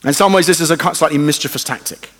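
Lively male preacher in a reverberant church. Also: on the high side, fast. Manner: animated, conversational, acts out quoted voices. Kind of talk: sermon.

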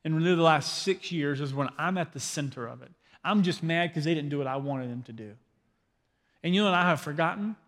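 A long reverb tail hangs on the voice of a man in his thirties, a pastor whose parenting sermon is conversational and joking, full of questions to the crowd and humor aimed at himself. His voice is a little high and fairly bright, and he talks fairly quickly.

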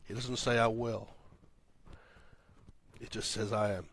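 A man's voice: fairly even intonation, slow pace, husky. Preaching man, rising and falling intensity. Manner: swells louder and higher when building to a point, then drops soft and low; repeats lines for emphasis. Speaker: pastor. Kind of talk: sermon.

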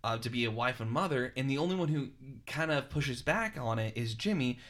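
A man co-hosting a casual podcast about a film, talking in a relaxed way with a lot of ums and uhs. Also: mid-range voice, brisk. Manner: relaxed, many fillers like um and uh. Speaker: podcast co-host.

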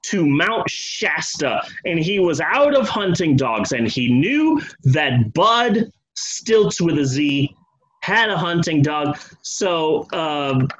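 A man's voice: a little high, very animated, takes it slowly, a bit bright, breathy edge, lo-fi sound. A man casually telling a comic history story, loose and profane, slipping into the voices of the people in it.

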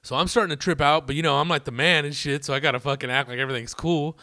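A man's voice: a little high, steady tone, very fast, sharp tone, no room sound, studio quality. A young man telling a rambling story in a casual, profane, slang-heavy way to his viewers. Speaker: vlogger.

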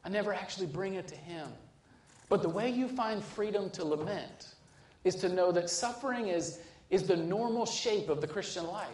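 A man's voice: high-pitched, moderate pace. Earnest preaching man in a roomy hall. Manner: earnest preaching, swings between urgent and hushed; repeats words when restarting phrases. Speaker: pastor. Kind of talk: sermon.

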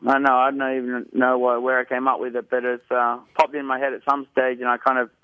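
A male guest answers questions in a casual, halting way, filling gaps with uh and you know. His voice is mid-pitched. The line sounds dull and dry. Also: monotone, no echo. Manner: halting, lots of fillers.

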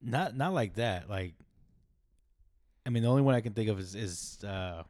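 A young man co-hosting a podcast, talking casually and haltingly, often restarting his sentences. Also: lowish voice, darkish tone, dry recording, studio quality. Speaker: podcast co-host. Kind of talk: casual chat.

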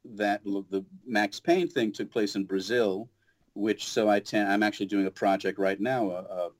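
Male voice actor, low voice, casual chatty guest, restarts often. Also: moderate pace. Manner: animated storyteller, many restarts. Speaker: voice actor and audiobook narrator, guest. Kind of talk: casual interview chat. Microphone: home studio booth.

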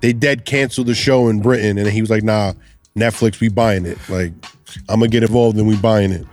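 A relaxed man explaining things in a casual chat. His voice sits fairly low and easy, with faint music under him. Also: a little fast. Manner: relaxed, explanatory, laughs easily.

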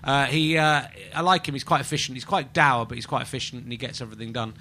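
Bright-voiced rambling English comic host. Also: male voice, medium pitch, fairly even intonation, fast talker, slight background noise. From England. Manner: rambling, mock-indignant, jokey. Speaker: podcast host. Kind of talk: live stand-up podcast chat. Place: small live venue with an audience.

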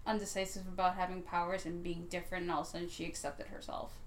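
A woman's voice: lowish voice, flat delivery, quick pace, a little hiss or hum. Chatty woman on a podcast. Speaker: podcast co-host. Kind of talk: casual chat.

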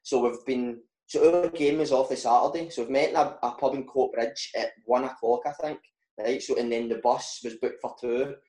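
A man's voice: medium pitch, normal speed, roomy sound, low-quality recording. A man with a Scottish accent, a footballer guest telling stories in a casual chat and laughing often. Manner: laughs often, animated anecdotes. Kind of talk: casual storytelling.

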